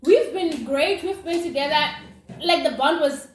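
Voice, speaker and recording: A young woman tells a story on her vlog with animated, dramatic energy. Her voice sits high and lifts easily. The room sounds echoey, with a faint hiss underneath. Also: a little slow. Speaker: vlogger. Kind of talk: casual storytime. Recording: roomy with faint noise.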